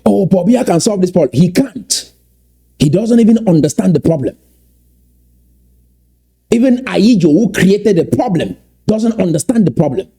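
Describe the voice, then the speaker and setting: A man giving impassioned political commentary, emphatic and repeating key points slowly for weight. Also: high voice, animated, warm tone, husky.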